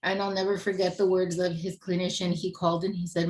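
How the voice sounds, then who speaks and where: A woman in her thirties giving an emotional personal testimony, halting with pauses and fillers and often clearing her throat. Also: fairly low pitch, level tone, darkish tone, low-quality recording. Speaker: family member speaking on a webinar panel.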